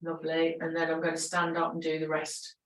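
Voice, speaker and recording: A woman leading a gentle exercise class, encouraging and chatty, laughing often between cues. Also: deep voice, completely flat delivery, brisk, recorded from a distance. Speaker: fitness instructor. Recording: roomy echo, voice from away from the mic.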